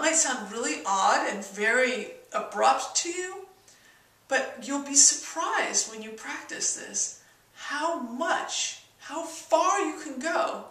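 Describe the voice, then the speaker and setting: A woman's voice: high-pitched, bright, forceful tone, echoey room, distant mic, rough recording. A woman teaching persuasion in an instructional video, stopping often to act out the tone of example sentences. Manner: demonstrates tone shifts in example sentences.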